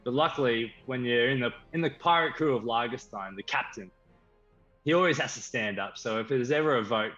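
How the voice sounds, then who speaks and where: Aussie guy telling a story all excited, a bit muffled stream audio, music quiet in the back. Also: mid-range voice, a little fast. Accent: Australian. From Australia. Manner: animated, enthusiastic storyteller. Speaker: band member guest. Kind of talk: casual storytelling. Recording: slightly dull stream audio with faint music.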